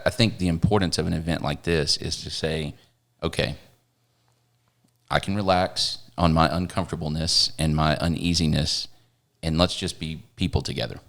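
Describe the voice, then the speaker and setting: A man co-hosting a casual podcast, reflecting in a thoughtful, measured way. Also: rumbling low, a bit bright. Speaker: podcast co-host. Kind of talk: casual chat.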